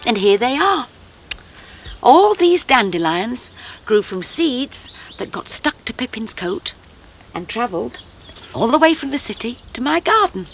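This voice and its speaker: A woman reading a children's story aloud, slow and unhurried. Her pitch rises and falls widely, and her voice carries a slight gravelly texture. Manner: gentle, slow and expressive. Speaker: storyteller presenter.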